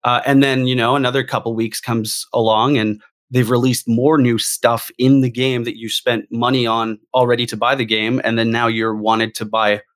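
Male guest, average pitch, lively and emphatic, repeats himself for punch. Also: normal speed. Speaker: guest gamer. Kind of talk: casual discussion.

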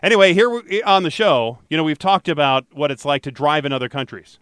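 A man's voice: a little high, animated, a little fast, a bit bright, clear, resonant tone, no echo, clean studio sound. An American man hosting a show, chatting casually and thoughtfully with some restarts. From United States. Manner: reflective, with frequent restarts. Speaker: podcast host. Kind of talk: casual chat.

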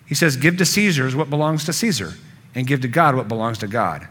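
Earnest male preacher, bright voice. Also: medium pitch, lively intonation, fairly quick. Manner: earnest, building emphasis with repetition. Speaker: pastor. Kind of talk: sermon.

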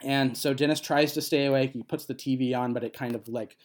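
A man's voice: medium pitch, fairly even intonation, brisk. A man in casual podcast chat, retelling a film plot with many fillers and laughs. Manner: rambling, many fillers, laughs while talking.

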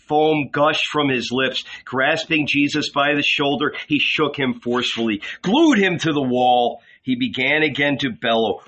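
A man's voice: mid-range voice, sharp tone, dull audio. A man giving a dramatic narration of a novel as an audiobook reader. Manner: dramatic, slow.

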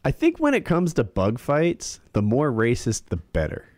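A man's voice: mid-range voice, huge pitch swings, moderate pace, a little mellow, no echo, clean studio sound. A man co-hosting a casual chat, joking and laughing a lot. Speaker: podcast co-host.

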